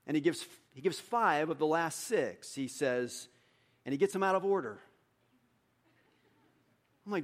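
A man preaching a sermon in an animated way. He acts out dialogue with his congregation, and his voice jumps high and loud for emphasis, then drops quiet. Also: unhurried, pauses often. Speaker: pastor.

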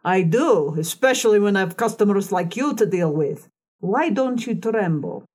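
A woman's voice: mid-range voice, lively intonation, darkish tone, natural voice. A woman playing a harsh old fortune-telling crone. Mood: probing. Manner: decided, deliberate, mocking.

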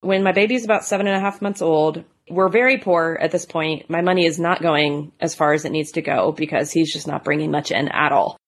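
A woman's voice: low voice, a little fast, few pauses. A woman in her thirties telling her own story in a candid, conversational way, full of "like" and "you know". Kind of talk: personal testimony.

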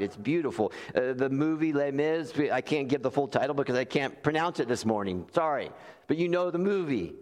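A man preaching a sermon as pastor, earnest and conversational, who repeats key phrases for emphasis. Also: on the high side. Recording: long reverb in a large hall.

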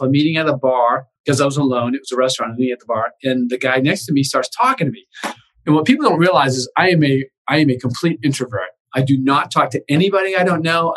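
Fast-talking Boston man telling stories. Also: mid-range voice, poor audio. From Boston area, USA. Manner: animated anecdotes, acts out quoted voices. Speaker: guest, real estate investor and author. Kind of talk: casual interview storytelling.

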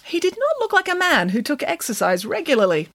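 Woman storyteller, bright-ish pitch, animated read-aloud, dry close mic. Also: fairly quick, no room sound. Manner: playful, lively read-aloud. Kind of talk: reading a children's story aloud.

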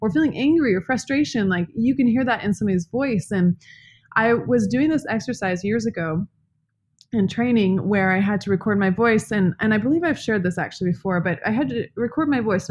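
A woman's voice: medium pitch, a little mellow. A woman in casual podcast talk, smiley and chatty, often restarting her sentences. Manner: smiley, talkative, many restarts. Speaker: podcast co-host, yoga teacher.

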